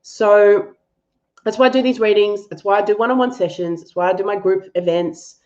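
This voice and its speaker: A woman's voice: mid-range voice, normal speed, darkish tone, highs cut off. A woman hosting a live-stream animal reading and answering viewers, affectionate and thinking aloud with fillers.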